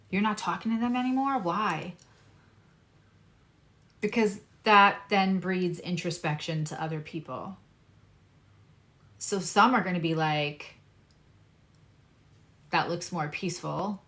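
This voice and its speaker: A woman's voice: fairly low pitch, measured pace, pauses often, a bit bright. A woman astrologer giving a casual, earnest tarot reading, speaking straight to her viewers in a reassuring way.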